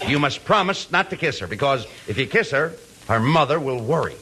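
A man playing straight man in a 1940s radio comedy, brisk and reproving. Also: mid-range voice, sing-song, sharp tone. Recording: hissy old radio recording.

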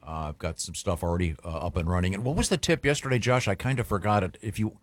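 Middle-aged male radio host, low voice, dry studio sound, rambling. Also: dry recording. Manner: rambling, halting, self-interrupting. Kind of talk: casual radio banter.

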